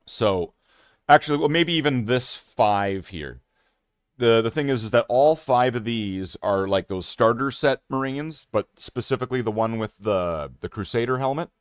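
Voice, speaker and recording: A man's voice: mid-range voice, expressive, normal speed, clean tone, dry recording, studio quality. A man chatting casually on a hobby live stream, rambling and joking at himself with many fillers and restarts. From Canada.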